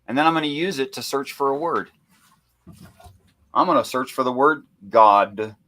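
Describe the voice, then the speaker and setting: A man's voice: medium pitch, expressive, moderate pace, a bit bright. A man hosting a casual online group chat, sharing his screen and talking through Bible word searches with sarcastic rhetorical questions. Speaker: livestream host.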